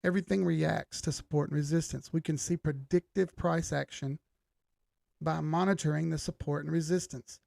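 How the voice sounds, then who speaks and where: A middle-aged man hosts a live stream in a loose, easygoing way, calling out viewers by name. His voice is gravelly and sits a little high. The sound is very dry and close. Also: fairly even intonation, moderate pace, dark tone, dry recording. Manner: laid-back, greets viewers by name, swears casually. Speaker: livestream host. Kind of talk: casual live-stream chat.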